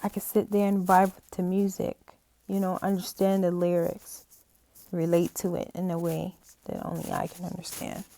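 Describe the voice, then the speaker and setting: A woman's voice: fairly low pitch, monotone, moderate pace, mellow. A young woman talking to camera on her own channel, heartfelt and rambling, often tearful and close to crying. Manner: heartfelt, rambling, repeats "you know". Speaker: channel host. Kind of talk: casual talk to camera.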